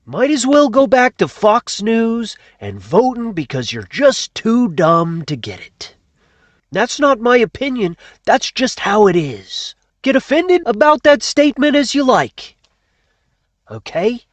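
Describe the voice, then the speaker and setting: A man's voice: very high voice, very animated, measured pace, dry recording, exaggerated voice. A man impersonating an exasperated anarchist speaker who scolds his audience and swears freely. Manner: scolding, profane, repeats "okay" and "folks". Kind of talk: comedic impression.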